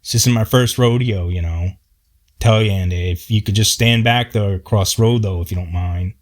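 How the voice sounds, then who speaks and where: A man voicing a gruff, short-tempered working man with blunt, profane backwoods talk. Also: fairly low pitch, normal speed, close to an everyday voice. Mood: weary.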